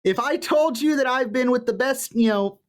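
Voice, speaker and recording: A man co-hosting a podcast in casual recap chat, animated and laughing often as he quotes lines. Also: very high voice, moderate pace. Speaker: podcast co-host. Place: home room with light fan noise.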